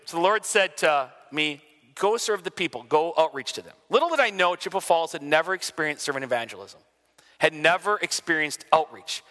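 This is a pastor with a bright, slightly high voice. He tells stories in an animated way, rising and falling between loud and quiet. The sound carries a long, reverberant tail. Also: brisk. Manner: animated storyteller, swings loud and soft. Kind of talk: storytelling in a conversation.

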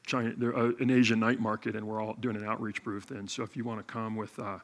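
A middle-aged male pastor telling a story in a sermon, animated and self-mocking. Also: fairly low pitch, fast talker.

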